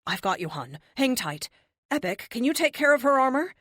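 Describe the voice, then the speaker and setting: A fierce, protective woman, as an audiobook narrator reads her, firm and close. Lively pitch and a dry, close sound. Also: normal speed, dry recording, heavily acted. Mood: caring.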